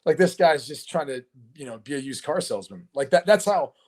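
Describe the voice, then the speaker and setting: Male podcast co-host, slightly high voice, animated and chatty, lots of fillers. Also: brisk. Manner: animated storyteller with filler words. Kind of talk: casual sports chat.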